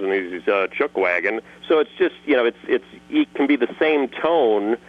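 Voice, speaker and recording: A man answering interview questions in a casual, joking way, lively and quick to slip into voices. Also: mid-range voice, lo-fi sound. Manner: animated, jokey, slips into character voices. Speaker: guest voice actor and creator.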